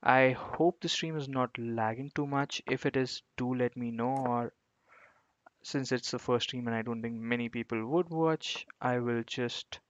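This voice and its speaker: A man commentates his own online chess games at an unhurried, easygoing pace, talking straight to his viewers and laughing off his mistakes. His voice sits at an ordinary middle pitch and sounds close and dry. The audio is a little muffled, like a cheap stream mic. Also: no echo. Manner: chatty, talks to viewers, self-mocking about his blunders. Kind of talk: live commentary while playing online chess.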